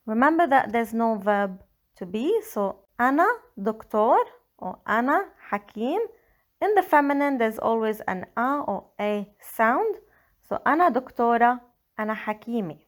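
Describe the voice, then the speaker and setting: A woman with a Lebanese accent, slowly and carefully explaining grammar in a language lesson. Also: fairly high pitch. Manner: slow, careful explaining with Arabic examples. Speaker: Arabic teacher. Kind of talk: scripted language tutorial.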